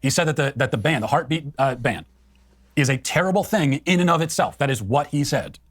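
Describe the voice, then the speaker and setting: A man's voice: mid-range voice, lively intonation, a little fast, a bit bright, husky, no echo. A man giving political commentary as a co-host, in an emphatic, argumentative way.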